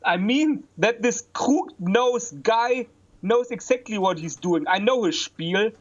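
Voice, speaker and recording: A man's voice: sits high, lively intonation, takes it slowly, lo-fi sound, exaggerated voice. A man playing a paranoid, bigoted self-styled printer expert witness in a comedic mock trial, talking in a rambling, conspiratorial way. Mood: insinuating. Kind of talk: comedic improvised courtroom role-play.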